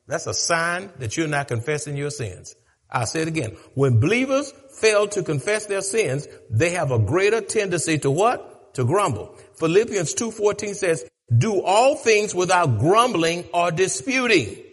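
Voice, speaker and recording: A man preaching a sermon to a congregation. He repeats lines for emphasis and swings between low, quiet stretches and shouted peaks. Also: big pitch swings, normal speed, breathy edge. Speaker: pastor.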